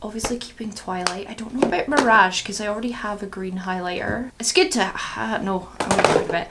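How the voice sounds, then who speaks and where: Woman, young, chatty, rambling, a bit shaky, home beauty room, loud background noise. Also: medium pitch, quick pace. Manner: chatty, rambling, talks to her cats. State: shaky and groggy after a long sleep. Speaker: beauty vlogger. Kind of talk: casual chatty vlog narration.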